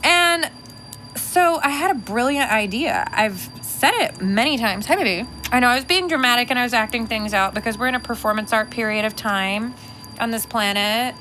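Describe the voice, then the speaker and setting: A woman's voice: a little high, moderate pace, pushed and bright, a little hiss or hum, poor audio. A woman in her thirties hosting a podcast from home, talking casually in a chatty, profane, filler-heavy way. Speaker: podcast host. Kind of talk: casual monologue.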